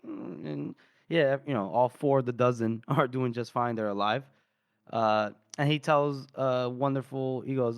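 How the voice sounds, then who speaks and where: Animated man retelling a story. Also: medium pitch, moderate pace, smooth, no echo, studio quality. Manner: animated retelling, acts out character lines, laughs often. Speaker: podcast co-host. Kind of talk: casual book discussion, retelling scenes.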